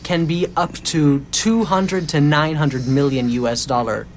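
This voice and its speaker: A man's voice: on the high side, measured pace. A man co-hosting a casual chat, explaining things in a matter-of-fact way and correcting others. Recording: faint background noise and hum.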